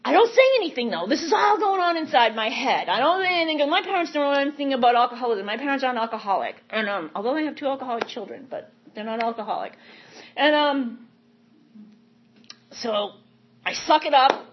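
Husky woman telling a frank recovery story. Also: fairly high pitch, lively intonation, brisk. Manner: frank, rambling, self-correcting. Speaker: speaker sharing at a recovery meeting. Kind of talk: candid personal recovery story. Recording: dull lo-fi recording.

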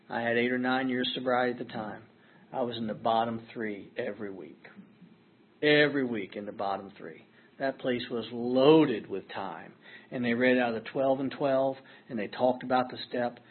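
Middle-aged man, husky, earnest and self-deprecating recovery speaker; lo-fi phone-band audio. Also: medium pitch. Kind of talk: personal storytelling talk.

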